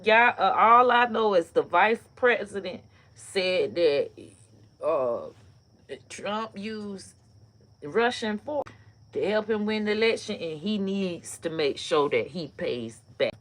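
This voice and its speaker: A woman hosting a casual comedy live stream, telling stories and ranting in a loose, profane, animated way with bursts of laughter. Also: mid-range voice, slow. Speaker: online comedy host.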